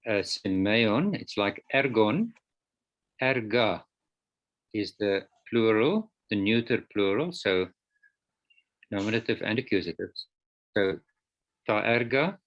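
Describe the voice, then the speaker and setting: Patient low-voiced man teaching a class. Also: a bit bright. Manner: patient, step-by-step explaining. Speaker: Greek lecturer. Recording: dull lo-fi online call audio.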